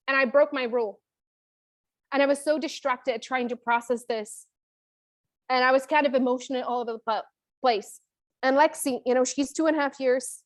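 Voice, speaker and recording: A woman's voice: high-pitched, dry recording. A woman in her thirties, a business coach, telling a personal story in an emotional, confiding way. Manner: emotional, confiding, frequent "you know".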